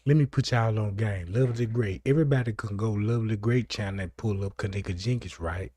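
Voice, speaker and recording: A man hosting a livestream, talking straight to his viewers in a mocking, animated way. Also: lowish voice, quick pace, no echo, studio quality. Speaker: stream host. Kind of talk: livestream commentary.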